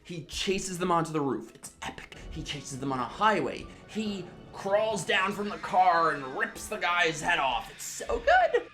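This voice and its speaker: A tipsy woman hosting a drunk comedic movie recap, telling it in an animated way with lots of swearing and exclamations. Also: on the low side, measured pace, hardly any pauses, faint music behind. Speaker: host.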